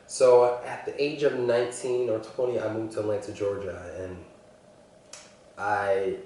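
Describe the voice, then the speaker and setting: A young man telling his personal story earnestly, halting often and restarting his sentences. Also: mid-range voice, warm tone, distant mic, slight background noise. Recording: echoey room, voice from afar.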